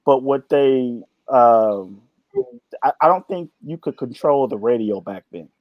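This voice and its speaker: A man's voice: mid-range voice, lively intonation, measured pace, no room sound, lo-fi sound. A man in casual chat, laid-back and joking, trailing off with fillers.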